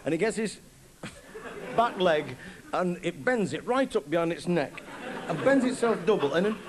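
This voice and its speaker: High-voiced comedian on stage. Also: male voice, animated, moderate pace, a crowd in the background. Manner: rambling, acts out both sides of awkward chats. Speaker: stand-up comedian. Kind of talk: live stand-up storytelling. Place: theatre stage before a live audience. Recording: live concert recording, audience noise.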